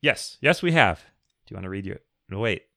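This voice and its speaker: A man's voice: lowish voice, expressive, brisk, vocal fry, bright, forceful tone, no room sound, studio quality. A man co-hosting a podcast, chatting casually, laughing often and reading listener questions aloud. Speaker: podcast co-host. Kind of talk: casual chat.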